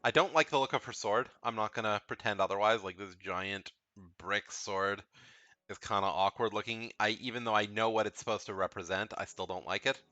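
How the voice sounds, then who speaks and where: A man's voice: on the low side, fairly quick, sharp tone, no room sound, muffled recording. A man giving casual, rambling commentary as he ranks video game characters, frank and blunt, often repeating himself. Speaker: video game tier list creator.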